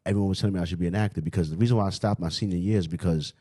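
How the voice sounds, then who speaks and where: A man's voice: sits low, steady tone, very fast, mellow. A man from Brooklyn with a New York accent, hosting a podcast and telling stories, full of restarts and "you know what I mean". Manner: storytelling, repeats himself and fills with "you know what I mean". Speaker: podcast host. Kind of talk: casual podcast chat.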